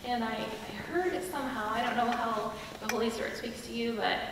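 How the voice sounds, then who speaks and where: A middle-aged woman giving an earnest, confiding personal testimony as a chapel speaker, with pauses and restarts. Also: on the high side, fairly even intonation, noisy background. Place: school chapel hall. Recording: echoey hall from a distant mic.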